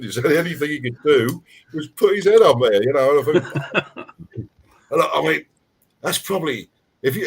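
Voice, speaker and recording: A man's voice: on the high side, slight background noise. A man guest hosting an online hangout, chatting casually and swearing freely as he tells stories. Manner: swears freely, storytelling with laughs. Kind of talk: casual profane chat. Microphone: video call.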